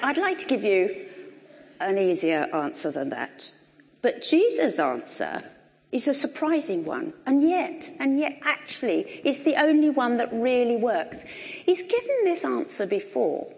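A middle-aged woman preaching a sermon in a conversational, animated way with wry humour, recorded in a church. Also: fairly high pitch, moderate pace, vocal fry. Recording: long reverb of a large hall.

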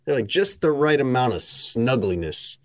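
A man's voice: mid-range voice, animated, normal speed, no room sound. A man hosting a casual podcast chat, teasing his co-hosts and reading an ad in an easygoing way. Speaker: podcast host.

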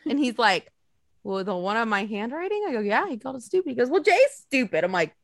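A woman co-hosting a casual chat, telling lively stories, swearing freely and acting out quotes. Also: a little high, quick pace, no room sound, studio quality. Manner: animated storytelling, swears freely, acts out quotes. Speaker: podcast co-host.

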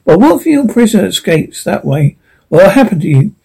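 A man's voice: sits high, big pitch swings, a little fast, gravelly, warm tone, husky, exaggerated voice. A man voicing an eccentric, inquisitive male time-traveller in a read-aloud script.

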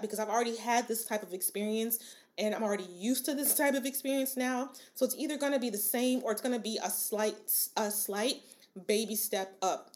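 A woman's voice: on the high side, a little mellow. A young adult woman hosting a solo podcast, chatting casually and rambling with asides to her listeners. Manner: frequent fillers and restarts, laughs often. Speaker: podcast host.

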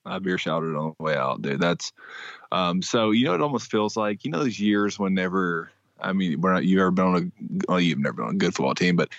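Deep-voiced man, rambling sports talk. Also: expressive, a little fast, no room sound. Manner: rambling, self-deprecating, frequent fillers. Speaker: podcast co-host. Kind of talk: casual sports chat. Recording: dry, dull lo-fi sound.

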